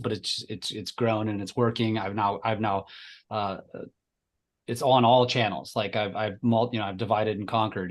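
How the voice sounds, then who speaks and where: A man who coaches real estate agents on social media, talking animatedly in a casual webinar and often restarting his sentences. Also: medium pitch. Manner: animated, with many restarts and repeated words.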